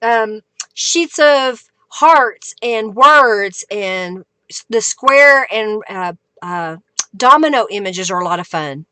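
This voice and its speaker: A woman's voice: mid-range voice, lively intonation, slow, bright, forceful tone, clear, resonant tone, no room sound. A woman hosting a live craft stream, chatting casually, reading viewer comments and laughing often. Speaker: craft livestream host. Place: home craft studio.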